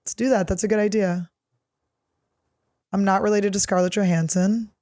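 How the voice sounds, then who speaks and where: A woman's voice: medium pitch, fairly even intonation, normal speed, mellow, no echo, clean studio sound. A woman comedian in her thirties, answering listener questions in a casual solo chat, blunt, crude and self-mocking.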